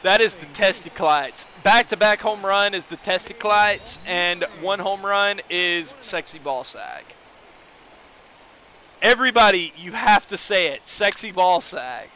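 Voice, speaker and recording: A young man casually commentating a baseball video game on a live stream, joking with his chat and getting excitable. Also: high-pitched, measured pace.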